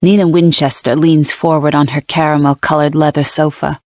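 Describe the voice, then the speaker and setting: A woman reading a first-person thriller audiobook in a measured, wry manner on a close studio mic. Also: deep voice, level tone, darkish tone, no room sound. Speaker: audiobook narrator.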